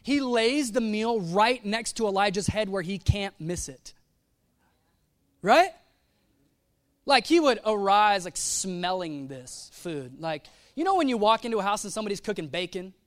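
A male pastor delivering a lively sermon, chatty and full of slang, slipping into little acted-out asides. His voice sits high for a man and bounces around as he tells the story. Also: moderate pace, few pauses. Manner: casual, animated preaching with slang and acted-out asides.

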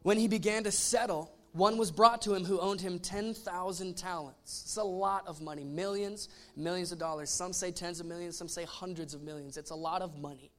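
A pastor preaching a casual, animated sermon, retelling a story with voiced asides. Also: male voice, high-pitched, normal speed, few pauses.

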